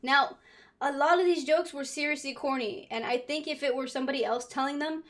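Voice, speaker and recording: A woman's voice: sits high, a little fast, fairly bright tone. A woman hosting a reaction video, chatting casually about a comedy show. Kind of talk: casual commentary.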